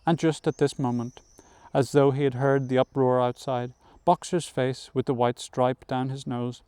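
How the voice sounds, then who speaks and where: A man narrating a novel aloud as an audiobook reader, in a measured storytelling manner that includes occasional self-corrections. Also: mid-range voice, level tone, mellow, clean tone, dry recording.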